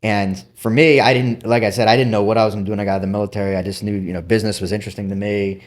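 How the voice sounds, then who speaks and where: A middle-aged man, a former military officer, talking casually as a podcast guest and animatedly telling stories with quick asides. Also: lowish voice, fairly even intonation. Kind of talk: casual interview storytelling.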